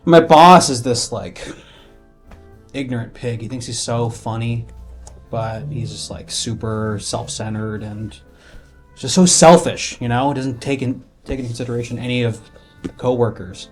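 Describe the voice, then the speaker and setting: A man's voice: medium pitch, measured pace, soft background music, natural voice. A man playing an upset male office worker in therapy in an improvised comedy sketch, rambling and grumbling with lots of fillers. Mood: aggrieved.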